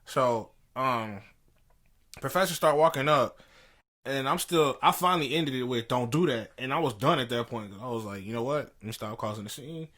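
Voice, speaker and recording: A man's voice: medium pitch, moderate pace, fairly bright tone. A young man co-hosting a podcast, telling a story in casual slangy chat and laughing as he goes. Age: young adult. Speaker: podcast co-host. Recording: poor audio.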